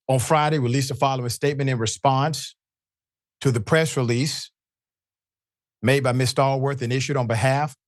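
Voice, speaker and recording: Emphatic male news host speaking at a middle pitch. His voice is close and dry, with no room sound. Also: no room sound. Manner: emphatic, indignant. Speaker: show host. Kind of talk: live news commentary.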